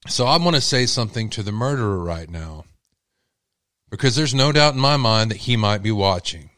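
Man, Texan accent, true-crime channel host, lowish voice, dry close sound, blunt and rambling. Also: lively intonation, moderate pace, fairly bright tone, no room sound. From Texas. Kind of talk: casual commentary to viewers.

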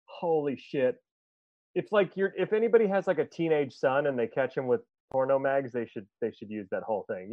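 A man's voice: medium pitch, brisk, no room sound, muffled recording. A man hosting a casual podcast chat, retelling movie scenes with frequent laughter and plenty of swearing. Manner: laughs often, swears freely, animated retelling. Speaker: podcast host.

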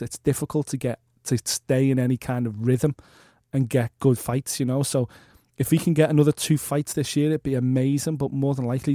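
A man's voice: mid-range voice, warm tone, no room sound, studio quality. A man co-hosting a casual MMA podcast, talking with enthusiasm and emphasis. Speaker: podcast co-host.

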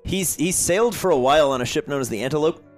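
A young man narrating a tabletop game as game master, in a relaxed, filler-heavy storytelling manner. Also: on the high side, quick pace, faint music behind.

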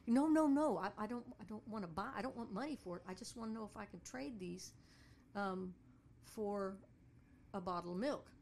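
Gravelly-voiced woman telling a story. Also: mid-range voice, normal speed, slight background noise. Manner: animated, acts out voices of people in her stories. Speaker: storyteller and tour guide. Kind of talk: casual storytelling.

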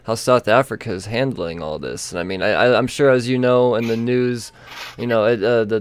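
A man hosts a podcast from a small studio room, talking casually with plenty of fillers and easy laughs. His voice sits on the low side, and the sound is dry with little room echo. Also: smooth. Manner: chatty, laughing, lots of fillers. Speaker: podcast host.

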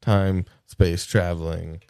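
A man co-hosting a podcast, chatting crudely and laughing loudly. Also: sits low, level tone, slow, creaky, clear, resonant tone. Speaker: podcast co-host. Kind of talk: casual chat.

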